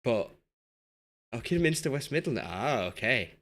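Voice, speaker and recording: His voice swings widely in pitch around a medium, slightly bright register at normal speed. The young man, a Yorkshire streamer, gives casual live commentary over a football management game, talkative and self-deprecating with his chat.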